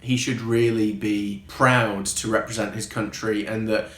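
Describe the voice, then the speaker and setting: A man's voice: fairly low pitch, little pitch movement, measured pace, fairly bright tone, slight background noise. A man giving a casual film review in a wry, sarcastic tone, swearing now and then. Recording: roomy echo.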